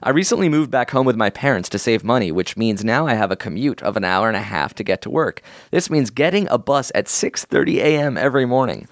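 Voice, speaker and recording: A man co-hosting a comedy podcast, reading a listener's email aloud in a casual, lively way with laughing asides. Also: mid-range voice, fast, few pauses, no room sound, studio quality. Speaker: podcast co-host.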